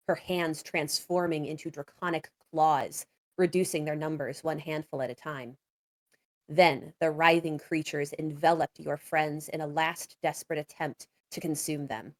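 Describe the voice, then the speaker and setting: A woman running a tabletop game as game master, with measured storytelling narration. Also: low-pitched.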